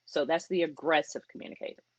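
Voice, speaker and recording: A woman speaking at a church event about marriage communication, talking conversationally and acting out quoted spouses in lively asides. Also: low-pitched, fast talker, no echo.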